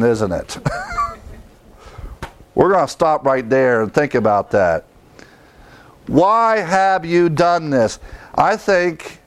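A man's voice: medium pitch, gravelly, no room sound. A man preaching a sermon as pastor, in a conversational way, acting out the lines of the people he quotes.

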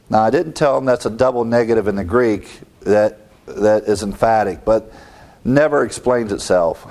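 A man's voice: medium pitch, moderate pace, a little mellow. A man preaching an expository sermon with an earnest teaching tone, quoting scripture and asking rhetorical questions.

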